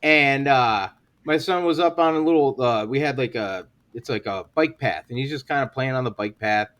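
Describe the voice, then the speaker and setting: A man co-hosting a comedy podcast, telling stories in casual chat, swearing a lot and getting loud at the punchlines. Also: medium pitch, moderate pace. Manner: animated storyteller, swears a lot, shouts at punchlines. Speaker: podcast co-host.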